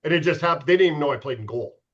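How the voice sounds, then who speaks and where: A man's voice: on the high side, animated, racing, muffled recording. Swearing middle-aged man telling stories. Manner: profane, candid, self-mocking. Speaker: podcast guest, former pro hockey goalie. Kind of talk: casual storytelling.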